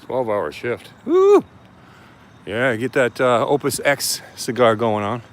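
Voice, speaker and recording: A man's voice: medium pitch, steady tone, normal speed, a bit bright. A man chatting casually on a live stream outdoors, greeting viewers by name as he walks around a police station, filming with a handheld camera. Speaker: live-streaming first amendment auditor.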